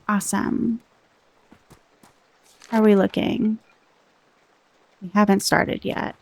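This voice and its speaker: An American woman giving relaxed, rambling commentary while playing a game, chatting to her viewers. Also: medium pitch, slow, gravelly, pauses often, no echo. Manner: chatty, rambling, reads game text aloud. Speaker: gameplay commentator.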